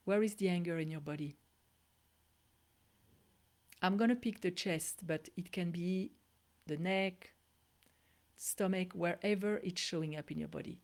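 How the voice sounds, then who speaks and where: A woman coaching a guided EFT tapping session, speaking in slow, repetitive phrases for the listener to repeat and at times dropping almost to a whisper. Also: fairly low pitch, a little mellow.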